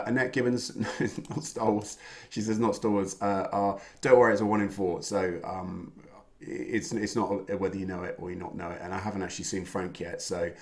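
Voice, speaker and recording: A man from England hosting an online pub quiz from home, chatting casually and greeting viewers by name with lots of fillers. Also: on the low side. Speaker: quiz host. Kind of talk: casual live-stream chat.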